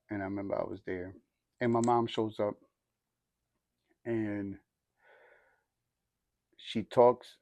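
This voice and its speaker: A man's voice: fairly low pitch, a little mellow, no echo. A young man telling his life story in a casual, slangy, rambling way, sharing a testimony. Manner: informal, slangy, rambling with restarts. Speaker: church group member sharing testimony.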